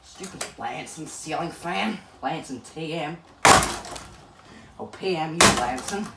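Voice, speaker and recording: A channel host vlogs from a small home studio, muttering in exasperation and scolding a fan as he smashes it. His voice is fairly high and expressive, and he takes it slowly. Heavy background noise, loud clattering, and a distant mic in an echoey room fill the recording.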